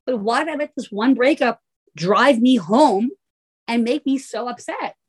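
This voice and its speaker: A woman's voice: a little high, lively intonation, a little slow, a little mellow, slightly rough. A woman co-hosting a podcast, telling a rambling, comic story in casual chat, full of "like" and swearing. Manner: profane, filler-heavy valley-girl talk. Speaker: podcast co-host.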